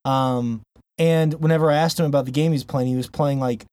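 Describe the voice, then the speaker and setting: A man's voice: mid-range voice, fairly even intonation, brisk, darkish tone, dry recording. A man co-hosting a casual gaming podcast, rambling and laughing, often restarting his sentences. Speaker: podcast co-host. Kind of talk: casual chat.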